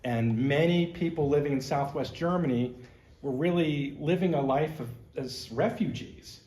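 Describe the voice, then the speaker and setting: A man's voice: a little high, moderate pace, mellow, reverberant. A man giving a conversational history lecture as a museum curator, explaining with slides and personal asides.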